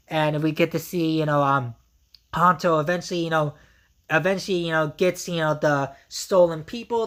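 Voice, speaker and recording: A woman recapping a TV episode in a casual, rambling way, full of fillers and restarts. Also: lowish voice. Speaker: reviewer.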